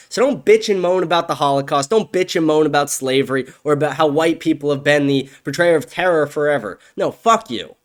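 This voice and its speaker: A young man hosting a solo podcast, ranting angrily and profanely, his voice swinging from raised outbursts to low muttering. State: agitated. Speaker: podcast host. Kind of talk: solo opinion rant.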